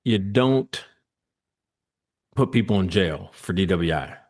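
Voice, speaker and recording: A man, a former state trooper, telling an animated story as a podcast guest, acting out quotes and laughing often. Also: deep voice, takes it slowly.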